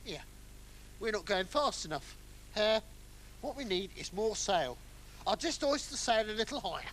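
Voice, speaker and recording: A performer voicing a hapless, excitable castaway lost at sea in a children's puppet comedy, swinging between calm and wailing panic. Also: mid-range voice, normal speed, a little hiss or hum. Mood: comic panic.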